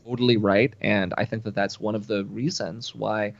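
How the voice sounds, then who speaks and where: A man's voice: fairly low pitch, level tone, normal speed, vocal fry, dull audio. A man co-hosting a casual talk show, explaining his views thoughtfully with frequent restarts. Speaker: co-host. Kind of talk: casual podcast chat.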